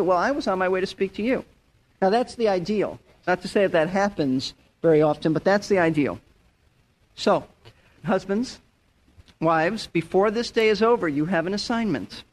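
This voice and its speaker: A middle-aged man preaching verse by verse in an earnest way, repeating words and acting out the people he quotes. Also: high-pitched. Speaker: pastor. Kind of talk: verse-by-verse sermon.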